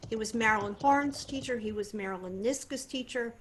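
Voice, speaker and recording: An older woman voice teacher explaining singing technique in a conversational, animated way. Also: on the high side, a little fast. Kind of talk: voice lesson demonstration and explanation.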